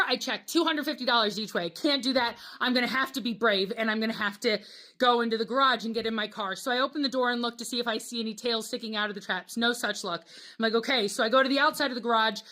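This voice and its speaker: Woman, young adult, casual storytime, high voice, acts out her reactions. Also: fast, pushed and bright.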